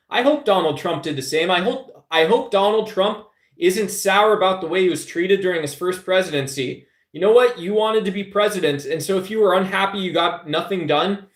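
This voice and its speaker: A man's voice: sits high, fairly bright tone. A man hosting a live stream, rambling through a casual political rant to his chat and calling listeners brother. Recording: echoey room.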